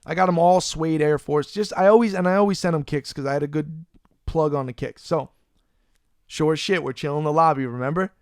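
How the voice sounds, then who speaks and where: A man hosting a podcast, telling a long story in a loose, animated, profane way. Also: fairly high pitch, brisk, clean tone, no echo, studio quality. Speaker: podcast host. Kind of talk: casual storytelling chat. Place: Florida.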